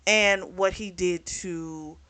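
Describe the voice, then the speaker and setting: A woman's voice: on the low side, fairly even intonation, takes it slowly, a bit bright, no room sound. A woman reviewing a book in a casual recap, rambling with plenty of fillers and blunt swearing. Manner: rambling, frank, swears freely, lots of fillers.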